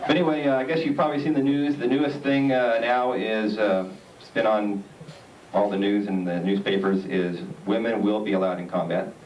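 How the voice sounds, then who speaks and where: Brief: low-voiced male stand-up comic, halting delivery, recorded far off in an echoey theater. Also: fairly even intonation, lo-fi sound, a little hiss or hum. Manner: rambling, halting delivery with many "uh"s. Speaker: stand-up comedian. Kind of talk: stand-up comedy set. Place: theater stage. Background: audience laughter.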